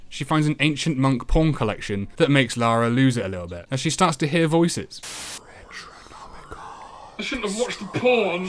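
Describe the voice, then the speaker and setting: A man narrating a retro game review in a sardonic, deadpan voice, swearing freely as he picks the game apart. His pitch sits in an ordinary middle register, and his delivery stays dry and mocking throughout.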